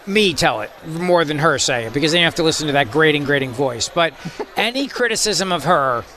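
Bright high-voiced sarcastic radio host. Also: male voice, expressive, brisk. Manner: sarcastic, rambling, mocking. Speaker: radio talk show host. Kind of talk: talk radio commentary.

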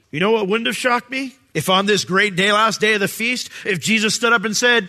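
A man preaching a sermon as pastor, animated and acting out the voices of biblical figures. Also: high voice, a little fast, few pauses.

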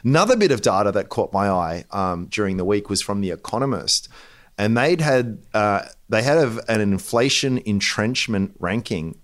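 A man's voice: lowish voice, lively intonation, normal speed. An Australian man co-hosting a finance podcast, talking casually and thinking aloud with many restarts and repeated words. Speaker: podcast co-host. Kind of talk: casual chat.

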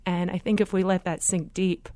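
A woman, a podcast guest, telling her faith story in an earnest, animated way with quick asides. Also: on the low side, no room sound. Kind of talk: faith interview conversation.

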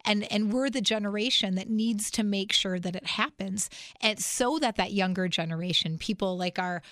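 Congested woman telling an animated story. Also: mid-range voice, normal speed, dry recording, studio quality. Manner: animated storyteller, many restarts. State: sick, congested. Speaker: guest. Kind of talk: casual interview chat.

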